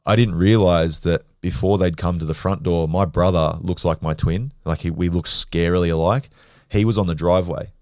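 An Australian man, a podcast guest, telling stories in a blunt, animated way and swearing freely. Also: sits low, moderate pace, dry recording, studio quality. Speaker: podcast guest, grappler and former rugby league player. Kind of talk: casual storytelling.

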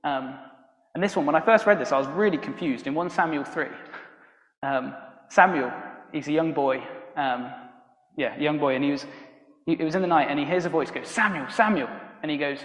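A man preaching a sermon in a loose, conversational way, with frequent ums and restarts. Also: on the high side. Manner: conversational and halting, many ums and restarts, laughs at own stories. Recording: roomy hall reverb.

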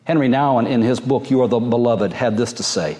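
A pastor preaches a sermon slowly, gently and earnestly, leaving long, drawn-out pauses. His voice is medium in pitch.

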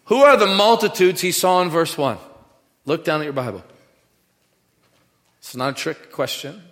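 A man's voice: fairly high pitch, expressive, normal speed, pauses often, a bit bright. A man preaching a sermon with emphasis, leading the congregation in call-and-response. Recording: echoey hall with long reverb.

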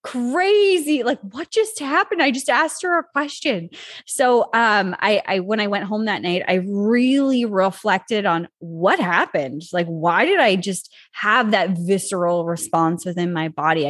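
A woman guest on a podcast, talking openly and telling a personal story, with lively jumps in pitch when she quotes people. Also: no echo, studio quality. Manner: animated, acts out quoted dialogue with pitch jumps. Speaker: guest, author. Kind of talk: candid conversational storytelling.

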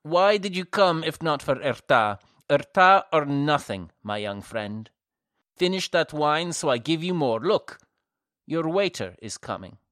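A man voicing a towering male waiter who mocks his guests loudly. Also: on the high side, very animated, measured pace, no echo, clean studio sound, pitched above the performer's own voice. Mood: mocking. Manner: boisterous, teasing. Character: towering mocking male waiter, loud and teasing.

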